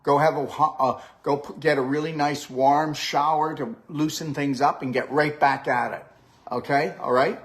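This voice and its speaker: On the high side and steady in tone, this older man's voice moves at normal speed. He hosts a live-stream with a guest as a health practitioner, coaching cheerfully and often asking "okay? all right?"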